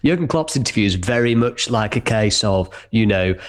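A man's voice: lowish voice, lively intonation, moderate pace. Easygoing male sports co-host. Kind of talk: radio sports talk.

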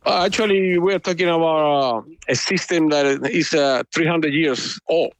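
A man's voice: on the high side, dry recording. Brief: Spanish-native Cuban man interviewed, earnest, stumbling restarts, dry close mic. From Cuba. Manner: earnest, halting with fillers and restarts. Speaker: politician, interview guest. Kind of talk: interview answers.

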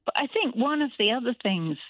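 A woman's voice: a little high, lively intonation, fairly quick, no room sound. Middle-aged woman caller on a tinny phone line. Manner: reflective, hesitant with fillers. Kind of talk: phone-in chat.

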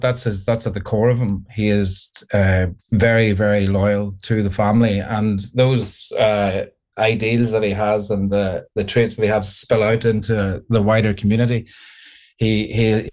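A man's voice: lowish voice, flat delivery, moderate pace, darkish tone. A man with a Northern Irish accent, an actor being interviewed, talking chattily with many fillers and restarts. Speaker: actor guest. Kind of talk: radio interview chat.

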